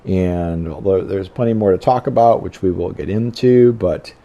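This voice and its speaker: A man's voice: low voice, normal speed, mellow, lo-fi sound. A middle-aged man hosting a podcast solo, rambling conversationally and acting out his own inner thoughts. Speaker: podcast host. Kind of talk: casual solo podcast talk.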